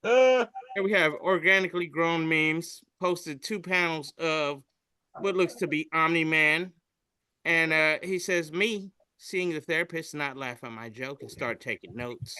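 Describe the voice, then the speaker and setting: A man's voice: fairly high pitch, measured pace, sharp tone, smooth, dry recording. A man co-hosting a podcast, reading memes aloud in casual chat, swearing freely and voicing the quotes. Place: studio.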